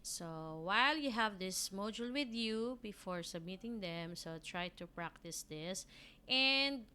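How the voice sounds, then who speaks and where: A woman's voice: mid-range voice, measured pace, bright, forceful tone, clear, resonant tone. A woman teacher with a Filipino accent gives a children's reading lesson. She repeats each word twice and switches between English and Tagalog.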